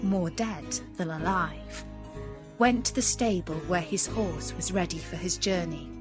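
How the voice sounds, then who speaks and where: A woman reading a fairy tale aloud as a gentle bedtime story. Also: lowish voice, measured pace, loud music behind the voice.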